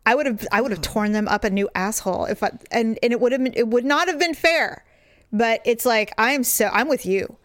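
A middle-aged woman co-hosting a show, telling stories in casual chat, candid and animated with blunt swearing. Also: fairly high pitch, brisk, no room sound. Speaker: podcast co-host.

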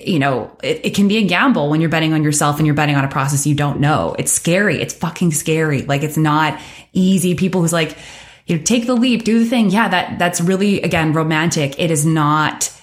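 A woman's voice: low-pitched, fairly quick. A woman hosting a podcast, talking casually and effusively, with an occasional swear word.

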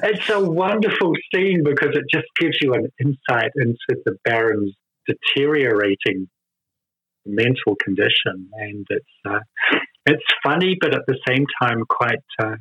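A man discussing a film in casual conversation, thoughtful and quick to laugh. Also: medium pitch, expressive, pushed and bright, breathy edge. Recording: dull lo-fi sound.

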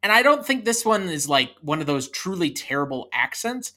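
Fairly high and sing-song, this man's pushed, bright voice moves at a moderate pace. He's in his thirties, co-hosting an easygoing movie podcast where he chats freely and leads with trivia.

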